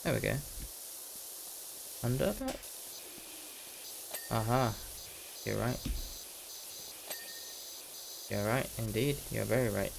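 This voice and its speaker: A teenage man with a fairly low voice talks through a game in easygoing chat. He rambles from thought to thought and pokes fun at his own jokes, and now and then slips into a put-on British slang voice. A faint hiss sits under his voice. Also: fairly even intonation, normal speed, gravelly. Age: teens. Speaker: gaming commentator. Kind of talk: casual chat while playing a game.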